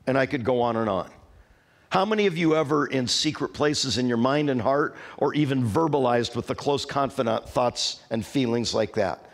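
A middle-aged man preaching a sermon to a church congregation, rising to loud, emphatic declarations and then dropping low. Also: lively intonation, a little slow. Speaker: pastor. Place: church sanctuary.

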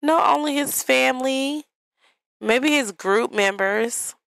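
A woman's voice: sits high, slow pace, gravelly, a bit bright, clean tone, dry recording, poor audio. A young woman giving casual gameplay commentary in a life-sim game, chatty and talking straight to her viewers. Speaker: gaming vlogger.

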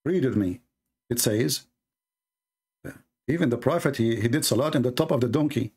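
A man hosting a religious debate, reading a text aloud and mocking it sarcastically with sudden high-pitched jabs. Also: normal speed, a little mellow, husky. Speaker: debate host.

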